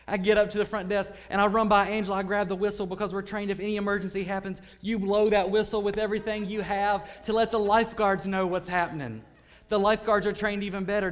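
A man preaching a sermon, telling a story animatedly and swinging from hushed tones to loud bursts. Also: sits high, fairly even intonation, fast talker.

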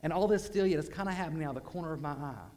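Male preacher with a drawl, a touch high-pitched, animated storyteller, hushed to loud. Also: rapid-fire. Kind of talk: sermon storytelling.

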